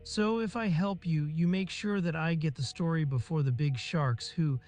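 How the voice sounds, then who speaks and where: A man's voice: fairly high pitch, moderate pace, darkish tone, soft background music, natural voice. A man voicing a nosy male local journalist who whines and talks through his nose. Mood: wheedling. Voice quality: nasal, whining.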